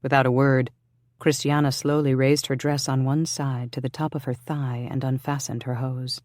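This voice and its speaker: An audiobook narrator reading a historical romance in an even, measured way. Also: mid-range voice, no echo, clean studio sound.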